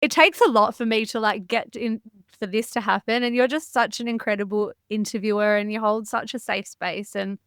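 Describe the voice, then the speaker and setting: Candid woman, smooth voice. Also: medium pitch, fairly quick, a bit bright, dry recording, studio quality. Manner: open and emotional, frank with mild swearing. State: near tears. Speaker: podcast guest, mindset educator. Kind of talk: candid interview conversation.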